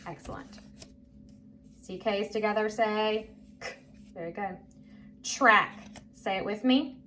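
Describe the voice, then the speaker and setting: A woman leads young children through a phonics lesson, slow and encouraging as she draws out each word for them to repeat. Her voice sits at a middle pitch. A faint hiss runs under the recording. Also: bright, forceful tone. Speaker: teacher. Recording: faint background noise.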